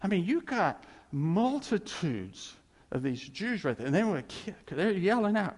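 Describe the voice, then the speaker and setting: A man's voice: high-pitched, very animated, a little slow, breathy edge. A man preaching a sermon as a pastor, emphatic and repetitive, with chuckling asides. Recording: echoey hall reverb.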